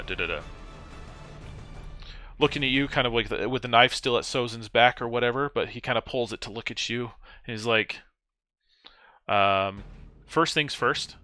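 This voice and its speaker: A man's voice: mid-range voice, pushed and bright. A man acting as game master in a casual tabletop game session, talking loosely with many fillers and restarts.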